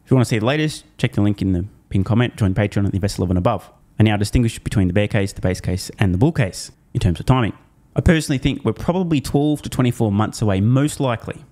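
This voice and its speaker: A man hosting a finance video in casual commentary, animated and sarcastic, swearing in disbelief. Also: lowish voice, fast talker. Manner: upbeat sponsor read.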